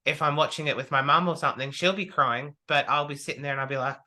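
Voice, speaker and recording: A man speaking as a podcast guest in relaxed conversation. His voice has a bright, forward tone. He tells stories animatedly, acting out his own remarks as he goes. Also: a little high, fast talker. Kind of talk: casual conversation.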